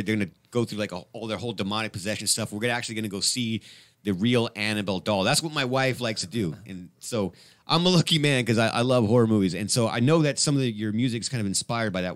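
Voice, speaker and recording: Rambling excitable radio host man. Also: on the low side, fast, dry recording. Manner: rambling, excitable, many fillers and restarts. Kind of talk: casual live radio chat.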